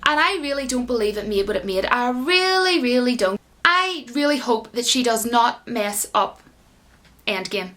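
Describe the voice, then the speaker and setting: A woman gives an indignant vlog rant, her high voice full of animated outrage. She talks straight to her viewers and keeps piling up complaints. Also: normal speed. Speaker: YouTube commentator. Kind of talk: ranting vlog commentary.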